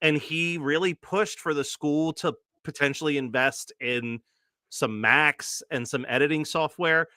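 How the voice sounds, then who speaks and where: A man's voice: on the high side, measured pace, bright, forceful tone, dry recording, studio quality. A man in his late thirties, co-hosting a casual chat and telling a long story full of fillers and laughs. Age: late 30s. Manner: rambling storyteller, many fillers, laughs often. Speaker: co-host.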